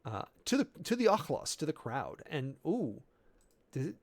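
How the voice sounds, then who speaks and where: A man preparing a sermon in a loose, halting way, working through Greek words with many fillers and self-corrections, amused by the details. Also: a little high, very animated. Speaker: preacher.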